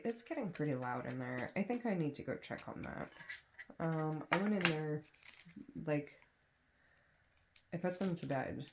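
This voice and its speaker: A woman's voice: deep voice, background noise. A young woman chatting casually while she sorts craft supplies at home, rambling and poking fun at herself with lots of fillers. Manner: rambling, self-deprecating, many fillers. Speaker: crafting vlogger. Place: home, kids in another room.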